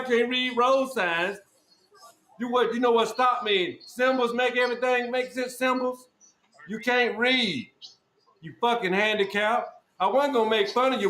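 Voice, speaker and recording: A man hosting a podcast who berates his guest in a loud, repetitive, profane rant. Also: extremely high pitch. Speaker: podcast host. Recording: echoey room with faint noise.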